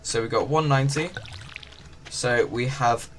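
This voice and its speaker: A man's voice: mid-range voice, unhurried, music in the background. A man giving casual, rambling commentary on a farming game, full of fillers. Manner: chatty, rambling, with many fillers. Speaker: gaming channel host. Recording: game ocean noise behind.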